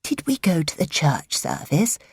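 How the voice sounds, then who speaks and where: A woman's voice: deep voice, huge pitch swings, moderate pace, breathy edge, no echo, exaggerated voice. A vague, plaintive old aunt, as a woman puts her on, drawn out and wavering. The voice is dry and close.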